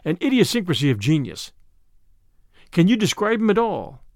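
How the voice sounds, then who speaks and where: A man reading aloud as a weary older male spymaster, measured and grave. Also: sits high, big pitch swings, darkish tone, dry recording, studio quality.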